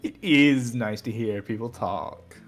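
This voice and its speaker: A man's voice: medium pitch, slow pace, faint music behind. A man streaming a story game, reading its text aloud in a dramatic way that builds to urgent repetition.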